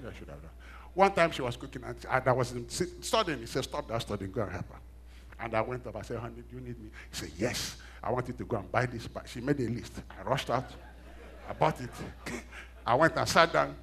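A middle-aged man preaching a sermon, telling stories with self-mocking laughs and swinging from hushed asides to loud emphatic bursts. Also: mid-range voice, brisk, a little hiss or hum. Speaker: pastor.

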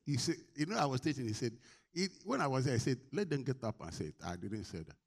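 Preaching man, from hushed to shouting. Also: medium pitch, sing-song, quick pace, gravelly. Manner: preaching with call-and-response, swinging from soft to loud. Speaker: pastor. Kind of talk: sermon.

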